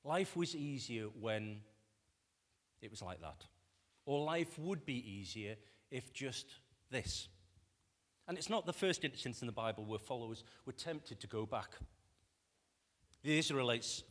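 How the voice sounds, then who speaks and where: Male preacher, mid-pitched, chatty with the congregation, ringing hall echo. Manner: conversational, poses rhetorical questions to the congregation; acts out quoted voices with lively shifts. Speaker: pastor. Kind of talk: sermon. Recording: long reverb of a church hall.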